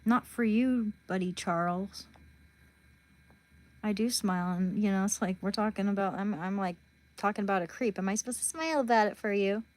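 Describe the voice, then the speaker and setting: A woman's voice: medium pitch, moderate pace, darkish tone. A woman hosting a livestream, chatting casually and bluntly with her viewers. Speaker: livestream host.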